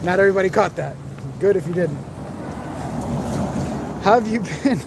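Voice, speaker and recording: A man's voice: high voice, moderate pace, vocal fry. A man live-streaming while he walks city streets at night, chatting casually and reading viewer comments aloud into his phone camera. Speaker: livestream vlogger. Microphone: handheld phone camera. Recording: street noise behind.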